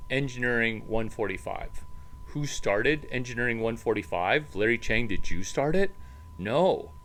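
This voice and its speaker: A man's voice: medium pitch, a bit bright, rough recording. A man rambling playfully in a casual monologue as an entrepreneur vlogger, jumping between topics and cooing at his dog.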